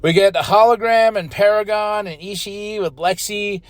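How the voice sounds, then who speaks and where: A man hosting a podcast, giving a casual, excitable recap of a wrestling show and now and then shouting out the wrestlers' lines and chants. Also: sits high, normal speed, no room sound. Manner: excitable, chatty, slips into loud impressions of the wrestlers. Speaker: podcast host.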